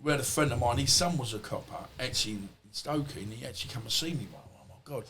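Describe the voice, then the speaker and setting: In a mid-range voice that's fast, bright and forceful, a middle-aged former boxer tells offhand stories as a podcast guest. His storytelling is loose and rambling, full of anecdotes and digressions.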